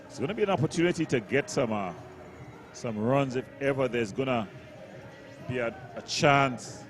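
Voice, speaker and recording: A man's voice: mid-range voice, lively intonation, moderate pace. Chatty male cricket colour commentator. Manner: chatty, analysing the game.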